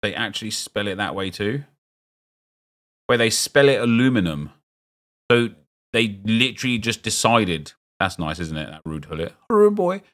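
Opening packs in a football video game, a South London man rambles chattily and jokes with his chat. His fairly low, fairly bright voice moves in big pitch swings at a moderate pace.

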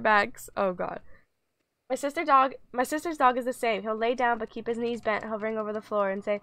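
A woman's voice: fairly high pitch, brisk, fairly bright tone. A woman streaming a pet video game, coaxing her virtual dog with giggly, chatty commentary. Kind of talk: casual game livestream commentary.

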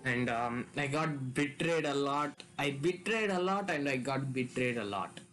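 Excitable man narrating his gameplay. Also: medium pitch, unhurried, faint music behind, low-quality recording. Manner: excitable, shouts and accuses while playing. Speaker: gaming video host. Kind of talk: casual gameplay commentary.

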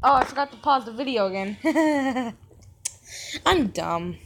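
Chatty high woman over background hiss. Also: a little slow. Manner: chatty, giggly, self-mocking rambling. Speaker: gaming channel host. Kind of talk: in-character gameplay commentary. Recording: steady background noise.

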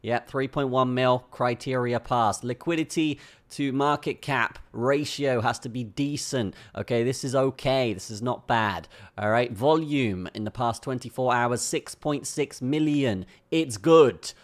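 A man's voice: mid-range voice, measured pace. A tired man hosting a casual crypto chart walkthrough, ending his points with "okay?" and "all right?" and repeating his own phrases. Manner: keeps tagging lines with "okay?" and "all right?". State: tired from a long day. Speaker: crypto trading channel host. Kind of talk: casual screen-recorded chart analysis.

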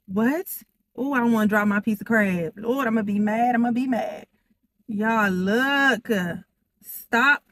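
A young woman hosting an eating show, chatting excitedly and straight to her viewers as she tastes each dish. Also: fairly high pitch, unhurried, slight background noise. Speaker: food vlogger. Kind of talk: casual eating-show chat.

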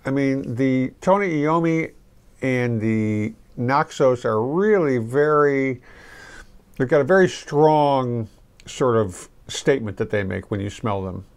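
A middle-aged man giving a casual, rambling fragrance review to camera, relaxed and full of restarts. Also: mid-range voice, takes it slowly, clean tone.

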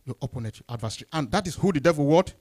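Lively call-and-response preacher man. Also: rapid-fire. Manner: call-and-response questions, rising then dropping low. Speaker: pastor. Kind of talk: sermon.

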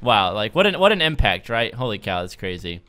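A young man narrates his gameplay for his channel in a bright, clear voice. His pitch jumps all over as he jokes, laughs and yelps at the action. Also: brisk. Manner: excitable, jokey, laughs often. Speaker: gaming youtuber. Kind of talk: casual gameplay commentary. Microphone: desk microphone.

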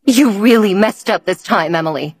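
A woman reading the lines of a timid middle-aged mother who murmurs softly. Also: medium pitch, lively intonation, moderate pace, breathy edge, no echo. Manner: soft, murmuring.

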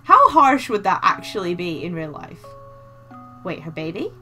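A woman's voice: fairly low pitch, very animated, normal speed, sharp tone. A woman hosting a let's play, chatting casually, reading game text aloud and joking. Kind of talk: casual gameplay commentary. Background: game music.

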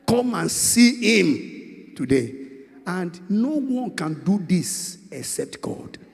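A Nigerian man preaching a sermon, moving between quiet storytelling and shouted prayer, with call-and-response questions to the congregation. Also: high-pitched, big pitch swings, slow pace, vocal fry, big-room sound. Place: large church with long reverb.

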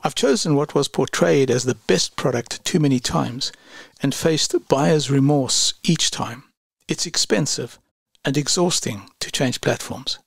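A man with a gravelly, slightly husky voice reads a scripted product review at a measured, unhurried pace. The sound is dry and close, with no room around it. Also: medium pitch, no echo. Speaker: online business reviewer.

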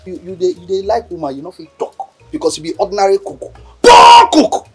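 An actor with a Nigerian accent playing a cheeky young houseboy who mocks and teases in a sing-song way. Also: male voice, high voice, steady tone, fast, dark tone, breathy edge, faint music behind. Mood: mocking. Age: young adult. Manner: mocking, teasing, sing-song. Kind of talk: film acting.

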